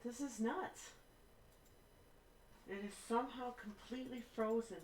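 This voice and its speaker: A woman's voice: on the high side, unhurried, darkish tone, roomy sound, a little hiss or hum. A woman streaming a game, grumbling and muttering to herself in exasperation. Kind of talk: casual live-stream talk.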